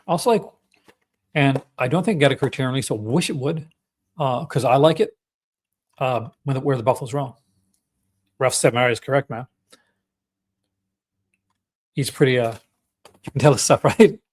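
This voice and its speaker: This young Canadian livestream host speaks in a mid-range voice with a Canadian accent, at a moderate pace broken by long pauses. Enthusiastic and rambling, he chats casually, leaning on fillers and frequent restarts.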